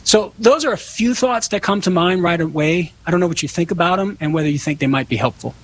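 A man's voice: sits high, fast talker, a little hiss or hum, rough recording. A man on a call-in radio show answering callers' questions in an earnest, explanatory way. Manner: earnest, explanatory, acts out example dialogue.

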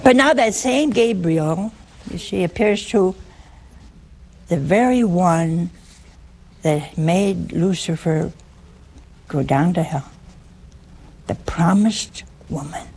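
Woman, preacher, conversational sermon, teasing humor, slow pace, gravelly voice. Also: on the low side, a little mellow, a faint crowd, a little hiss or hum. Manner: teasing and humorous, asks listeners questions.

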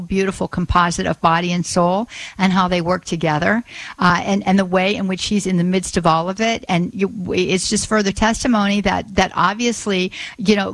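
A woman's voice: mid-range voice, no room sound, rough recording. Woman radio host, earnest prayer voice, repeats herself, dry close sound. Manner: earnest, repeats phrases and restarts. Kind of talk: spoken prayer and call-in talk.

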